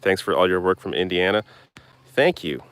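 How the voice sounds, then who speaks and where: A young man with a deep, low-pitched voice reads viewer comments aloud and answers them on a live stream. He talks bluntly and casually, tossing in the odd swear. He's recording outdoors. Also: lively intonation, moderate pace, fairly bright tone, smooth, dry recording. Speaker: political commentary host. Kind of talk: live stream Q&A reading chat.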